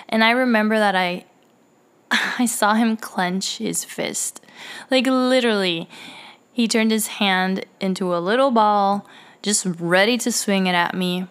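Woman telling clinic stories in a rambling, filler-heavy way, mid pitch. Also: unhurried, clean tone. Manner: rambling, with frequent fillers and restarts. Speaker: dialysis clinic staff member. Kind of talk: casual personal storytelling.

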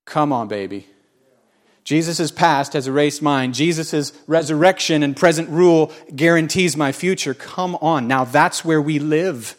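A man in his forties preaching a sermon, folksy and joking with the congregation, swinging between loud exclamations and quiet asides. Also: a little high, a little slow. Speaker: pastor.

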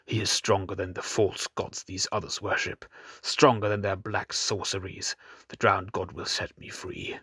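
A man voicing a stern, zealous male priest held captive, speaking fiercely and at times muttering low. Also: flat delivery, normal speed, sharp tone, slightly rough, no room sound, heavily acted.

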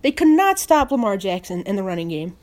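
A woman's voice: medium pitch, sing-song, brisk, a little mellow. A woman giving an angry, swearing post-game rant as a sports fan, repeating words in exasperation. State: upset.

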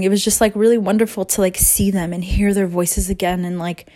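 A young woman in her twenties talks straight to camera in a loose, rambling personal vlog, swearing freely as she works through her feelings. Her voice sits at an ordinary middle pitch. She drifts between rooms as she talks. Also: level tone, fast, mellow. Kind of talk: casual personal vlog monologue. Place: moving between rooms at home.

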